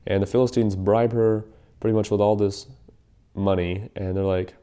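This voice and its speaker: A man's voice: on the low side, steady tone, normal speed, mellow, clear, resonant tone. A young man casually retelling a Bible story in a rambling, slangy way, with lots of fillers.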